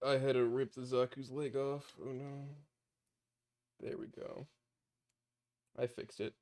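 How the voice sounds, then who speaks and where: A man at an ordinary pitch streams a story game, reading its lines aloud between jokes. He swears freely and trips over his own words with quick restarts. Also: steady tone, a little mellow. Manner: joking, profane, stammering restarts. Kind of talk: casual let's-play chat, reading game text aloud.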